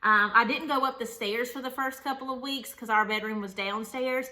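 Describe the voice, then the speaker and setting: A young woman in her late twenties telling a personal story to camera in a chatty, candid, animated way, laughing often. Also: fairly high pitch, moderate pace. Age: young adult. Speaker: vlogger.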